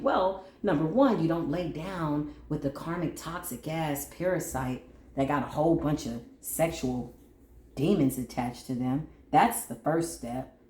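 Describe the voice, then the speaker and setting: Woman tarot reader rambling on her vlog, swears casually, sings little bits, roomy echo. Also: fairly low pitch. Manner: animated, slangy and profane, breaks into sung bits. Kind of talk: spiritual tarot reading vlog.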